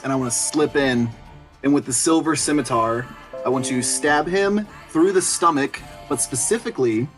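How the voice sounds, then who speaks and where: Wearing a headset, a man with a mid-range voice plays an online tabletop game and eagerly narrates his character's attacks in vivid detail.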